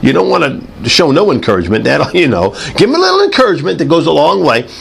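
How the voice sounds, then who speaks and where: A middle-aged male preacher with a slightly raised, gravelly voice. He delivers his sermon with lively swoops of pitch, breaking into vocal sound effects as he tells his story. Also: fast talker, a little hiss or hum.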